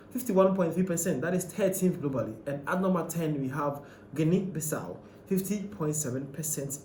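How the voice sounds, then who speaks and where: A man's voice: fairly high pitch, darkish tone, roomy sound, a little hiss or hum. A man hosting a show who walks through a ranked list in a conversational, questioning way with many fillers and restarts. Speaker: host. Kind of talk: casual commentary on a ranked list.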